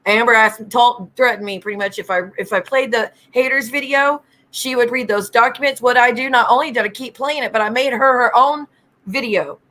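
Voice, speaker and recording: A woman's voice: fairly high pitch, a little fast, sharp tone. A woman hosting a casual livestream, greeting viewers by name and ranting bluntly with lots of swearing. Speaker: livestream host.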